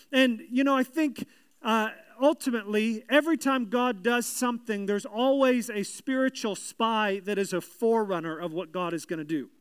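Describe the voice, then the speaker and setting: Guy preaching, reads scripture then riffs on it, really high smooth voice, dry sound. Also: no room sound. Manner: earnest preaching with restarts and emphasis. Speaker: pastor. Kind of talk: sermon with scripture reading.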